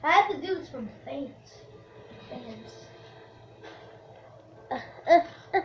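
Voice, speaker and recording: A young woman doing let's play commentary, excitable and talking to herself with sudden shrieks. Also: high-pitched, slow. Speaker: gamer. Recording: slightly dull lo-fi recording.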